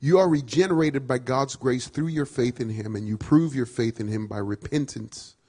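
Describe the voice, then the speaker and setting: A man preaching a sermon, emphatic and repetitive, swinging from loud declarations to quiet asides. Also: medium pitch, normal speed, husky. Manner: emphatic, repeats phrases, swings between loud and soft.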